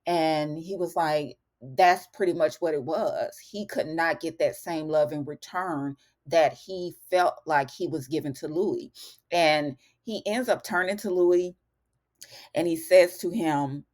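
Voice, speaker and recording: A woman's voice: sits low, unhurried, a little mellow. A woman chatting casually through a TV episode recap, calling her viewers y'all. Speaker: TV recap vlogger.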